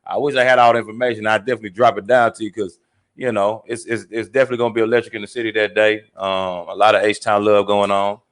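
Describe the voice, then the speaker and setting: A man's voice: on the low side, level tone, fast talker. A man co-hosting a podcast, talking casually and laid-back with lots of slang and "you know what I mean". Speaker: podcast co-host.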